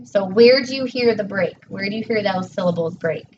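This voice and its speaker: A woman's voice: medium pitch, a little fast. A woman teacher tutoring a child one-on-one in a patient, encouraging way, praising each answer. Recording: distant dull mic with faint noise.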